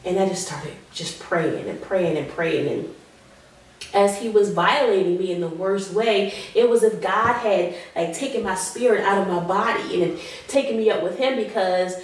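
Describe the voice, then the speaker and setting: A woman speaks as an interview guest, giving heartfelt personal testimony and slowing down on the heaviest moments. Her voice sits at an ordinary middle pitch. It comes from some distance and carries a strong room echo. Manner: earnest, slows down on heavy moments, acts out quoted pleas. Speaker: guest sharing her survival story. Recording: very echoey room, voice far from mic.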